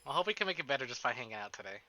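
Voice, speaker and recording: A man streaming a visual novel, chatting casually with his chat, excitable and swearing often. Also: medium pitch, racing. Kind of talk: casual live-stream chat and game reading.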